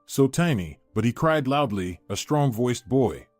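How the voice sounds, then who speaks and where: A man's voice: mid-range voice, big pitch swings, a little slow, no echo, faint music behind. A man reading a soothing older mother. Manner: soft, soothing.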